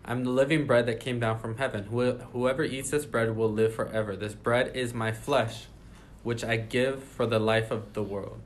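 A man of medium pitch reads verses aloud and then explains them casually in his own words while leading a Bible study. He keeps a steady tone and moderate pace with few pauses, and there's a little hiss or hum in the audio.

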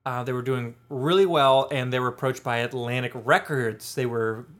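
A man's voice: mid-range voice, fairly even intonation, normal speed. A man in his twenties co-hosting a casual podcast chat, joking around and filling in background for his friend. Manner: jokey, chatty, gives background. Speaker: podcast co-host.

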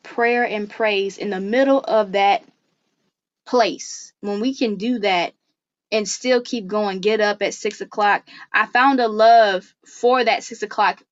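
A woman guest on a faith-based podcast, talking earnestly in an animated, preacherly way. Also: medium pitch, slow, lo-fi sound.

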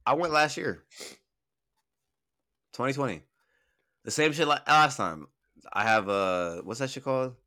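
A man's voice: mid-range voice, measured pace, pauses often, bright, forceful tone. A young man chatting casually as a podcast co-host, blunt and teasing, with lots of profanity. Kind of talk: casual chat.

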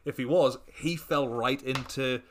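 A man's voice: medium pitch, unhurried, slight background noise. A man co-hosting a film podcast, chatting and joking casually. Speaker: podcast co-host.

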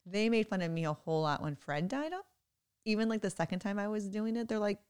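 Casual mom talking on a podcast, smooth clear voice, lively, lots of laughing. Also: female voice, medium pitch, fast talker. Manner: chatty, animated, laughs often. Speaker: podcast co-host, mother. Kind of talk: casual chat.

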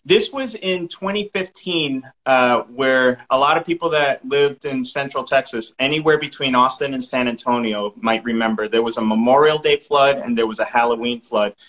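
A middle-aged man with a Massachusetts accent chats casually as a podcast guest. His voice is bright and his talk is loose, full of restarts and laughter. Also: medium pitch, normal speed, hardly any pauses, low-quality recording. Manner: chatty, laughs often, restarts sentences.

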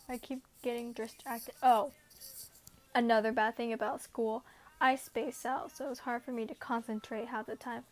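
A woman's voice: fairly high pitch, flat delivery, moderate pace, faint music behind. A young woman in her late teens, recording a casual vlog at home and rambling in an anxious, self-deprecating way. She laughs often as she talks. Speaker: vlogger.

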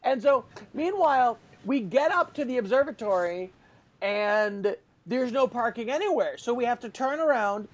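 A man in his forties, casually telling a story about his kids and acting out their shouting. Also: very high-pitched, moderate pace. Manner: animated, acts out shouting kids. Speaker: parent telling a family story.

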